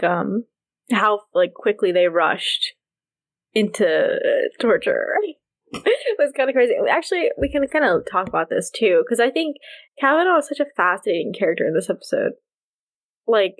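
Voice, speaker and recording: A young woman co-hosting a podcast in casual chat, animated and laughing often as she acts out what characters say. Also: medium pitch. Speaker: podcast co-host.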